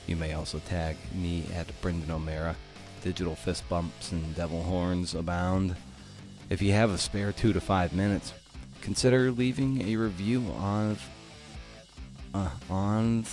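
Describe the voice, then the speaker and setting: A man hosting a podcast in a casual chat, sounding tired and laid-back in a hushed morning voice. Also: low voice. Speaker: podcast host. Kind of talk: casual interview chat and outro. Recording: music bed behind the voice. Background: guitar music.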